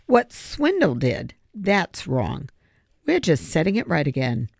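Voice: medium pitch, huge pitch swings, takes it slowly, gravelly, slightly rough, no room sound, clean studio sound, full character voice. A reader voicing an eager, determined boy who pleads and insists on his plan, in an audiobook. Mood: insistent. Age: young boy. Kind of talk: audiobook character voice.

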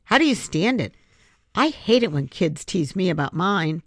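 A woman's voice: lowish voice, very animated, moderate pace, dry recording, clean studio sound. A woman voicing a grumpy, touchy boy new to the neighborhood, speaking in a sulky, defensive way.

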